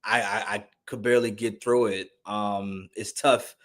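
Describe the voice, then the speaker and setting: A man co-hosting a casual wrestling podcast, excitable and jokey, rambling with slang and restarts. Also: on the low side, unhurried. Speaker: podcast co-host.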